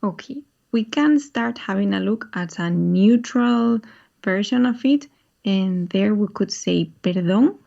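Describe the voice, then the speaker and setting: A woman teaching a language lesson, calmly giving example phrases. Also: medium pitch, slow, creaky. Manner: calm, gives example phrases. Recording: slightly dull lo-fi sound.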